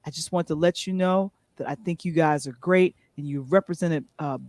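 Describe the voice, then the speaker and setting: A woman's voice: low-pitched, moderate pace, a little mellow, no echo. A middle-aged woman hosting a live talk show, telling stories animatedly and reading out viewer comments, with a New York accent. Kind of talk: casual live-stream chat.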